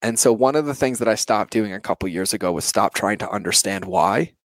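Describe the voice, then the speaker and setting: A fairly low-pitched, expressive man in his thirties talks briskly, with no echo. He's an entrepreneur appearing as a guest, earnestly reflecting on his life in an interview and using plenty of "like" and "you know."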